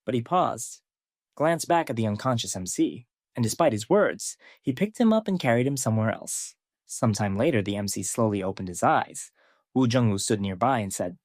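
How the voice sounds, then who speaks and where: A man narrating a scripted story recap in a steady storytelling way. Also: fairly low pitch, fairly quick, no echo, clean studio sound.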